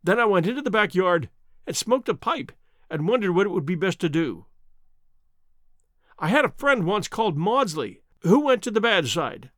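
A man's voice: high voice, dry recording, studio quality. A male storybook narrator reading a nervous young jewel thief's confession in an earnest, storytelling cadence. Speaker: audiobook narrator.

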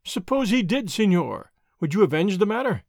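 A man reading aloud as a spirited, impatient young noble lady in an old adventure storybook, with a sharp, exasperated manner. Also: high-pitched, sing-song, normal speed, no echo, clean studio sound, exaggerated voice.

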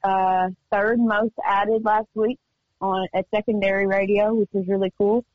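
A chatty woman guest with a mid-pitched voice tells stories in an upbeat, quick way. The sound is dry and close, with slightly dull, muffled highs. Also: little pitch movement, no room sound. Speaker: guest singer-songwriter. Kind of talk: casual radio interview chat. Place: remote call from home studio.

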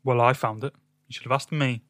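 A man's voice: medium pitch, fairly even intonation, a little fast, fairly bright tone, dry recording. Rambling man on a dry podcast mic. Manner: rambling, hesitant with many ums. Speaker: music podcast co-host. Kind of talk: casual chat.

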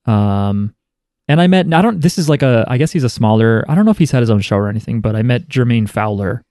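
A man's voice: mid-range voice, expressive, quick pace, warm tone, dry recording, clean studio sound. A man telling rambling stories in casual podcast chat, often breaking off and restarting his sentences. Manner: rambling, self-interrupting storyteller.

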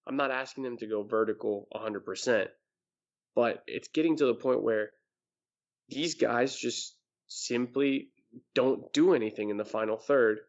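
A man's voice: medium pitch, unhurried, highs cut off. A man co-hosting a casual sports talk show, giving blunt, emphatic opinions. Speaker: podcast co-host.

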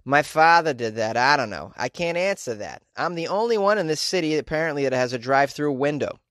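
A man's voice: on the high side, expressive, a little fast, a bit bright, no room sound, clean studio sound. A man voicing a woman funeral home owner with a put-on Boston accent, in a chatty, matter-of-fact way.

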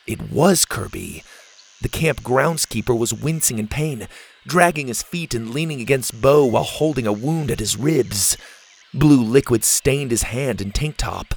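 Gravelly, husky male storyteller. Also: mid-range voice, measured pace. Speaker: narrator. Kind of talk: storybook narration.

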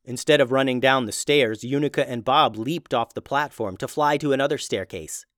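A man narrating a children's fantasy adventure in a steady, even reading voice. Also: mid-range voice, moderate pace, no echo, clean studio sound. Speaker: storyteller.

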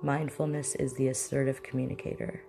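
Casual instructor voice, conversational, mid-pitched, light background music. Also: little pitch movement, brisk, creaky. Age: adult with children. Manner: conversational, acts out example dialogues. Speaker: mindfulness teacher. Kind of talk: casual spoken lesson.

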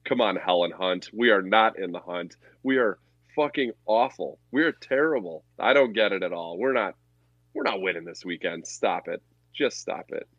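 A man with a lowish voice, co-hosting a sports podcast, rants bluntly and swears freely about his team and his betting picks. The recording sounds dry and a little dull, with no room around the voice. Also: lively intonation, moderate pace, dry recording. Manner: blunt, profane, ranting. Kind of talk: casual chat.

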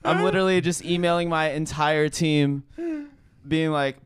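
An excitable man chatting casually on a podcast, his voice smooth and slightly high. He rambles in bursts and restarts often. The sound is dry and close. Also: moderate pace, no echo. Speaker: podcast co-host and voice actor. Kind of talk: casual chat.

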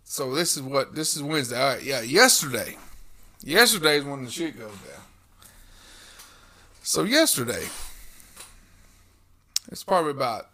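A man's voice: medium pitch, measured pace, long pauses. A man in casual chat, telling a profane workplace story with lots of quoted back-and-forth. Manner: lively retelling, rambling with restarts.

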